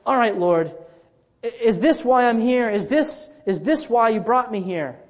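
A man putting on a weary, footsore traveler, a bit exasperated and questioning. His voice lifts a little higher and louder than his own. A long church reverb trails behind. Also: animated, unhurried. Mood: wondering.

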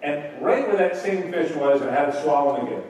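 A man preaching in a church, his slightly high voice carried across a very echoey room. He sounds a little distant from the mic, with faint background noise behind him. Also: a little fast, darkish tone, faint music behind. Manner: conversational, rhetorical questions, acts out quotes. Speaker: pastor. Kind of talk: evening sermon, Bible teaching.

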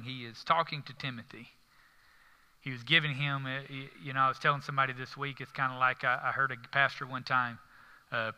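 A man's voice: fairly high pitch, sharp tone, clear, resonant tone. A man preaching a conversational sermon, earnest and rising to emphatic stresses, with frequent fillers. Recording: long reverb of a hall.

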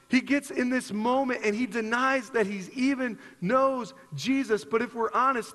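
High-voiced preacher in a reverberant hall. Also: male voice, bright, forceful tone. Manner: earnest, repeats himself, rises in pitch for emphasis. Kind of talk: sermon.

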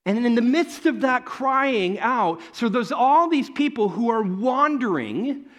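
A male pastor preaching a sermon in a relaxed, conversational way. His voice sits high for a man, and he slips into little acted-out voices when he quotes people. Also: a little slow. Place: church.

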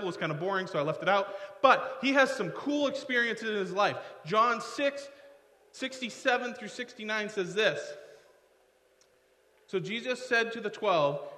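A male pastor with a fairly high, bright, forceful voice, preaching in a loose, chatty way full of asides. His words echo around a large hall with long reverb. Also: lively intonation, moderate pace. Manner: conversational, digressive, self-deprecating asides. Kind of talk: sermon.

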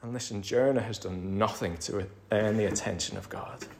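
A pastor with a fairly low, slightly mellow voice preaches at a moderate pace against slight background noise. His sermon builds to emphatic crescendos and sinks to near-whispers.

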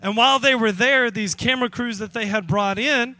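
A man's voice: very high voice, a little fast, sharp tone. A man preaching a sermon as pastor, telling a story with chuckles and asides to the congregation.

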